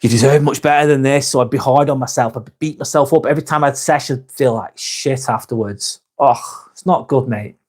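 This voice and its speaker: A man's voice: medium pitch, normal speed, few pauses, a little mellow, breathy edge. Candid, swearing man in his forties. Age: 40s. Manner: candid, rambling, swears constantly. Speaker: live vlog host. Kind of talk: casual live-stream chat.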